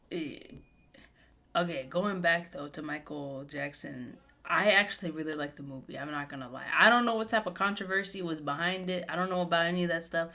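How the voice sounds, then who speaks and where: A woman's voice: fairly low pitch, a bit bright. A young adult woman hosting a podcast in casual chat, emphatic, swearing often and full of fillers. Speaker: podcast host.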